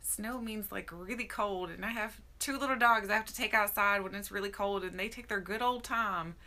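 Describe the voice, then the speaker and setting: Woman, live-stream host, casual chat, slightly hoarse, tired voice, bright tone, greets viewers by name. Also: mid-range voice, normal speed. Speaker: beauty vlogger hosting a live stream. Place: at home.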